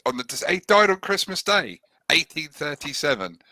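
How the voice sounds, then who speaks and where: Man, animated chatter, very bright dry voice. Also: a little high, moderate pace, dry recording. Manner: animated, acts out little scenes. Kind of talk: casual live-stream chat.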